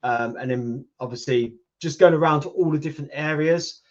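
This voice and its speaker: Chatting casually and replying to viewer comments, a British YouTube host in his fifties from the United Kingdom speaks at normal speed in a slightly high voice. The livestream audio is lo-fi.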